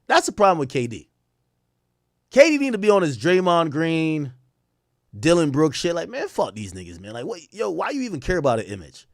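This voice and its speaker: A young man streaming live, trash-talking basketball players in a loud, profane, excitable way, his voice jumping up and down. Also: a little fast, dry recording, clean studio sound. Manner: loud, profane trash talk with sudden jumps in pitch and volume. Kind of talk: casual live-stream commentary reacting to chat and posts.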